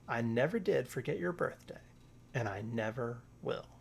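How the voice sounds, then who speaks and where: A man reading a storybook aloud, voicing a patient mother bear who gently teases her cub. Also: mid-range voice, animated, moderate pace, gravelly, slight background noise. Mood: gentle.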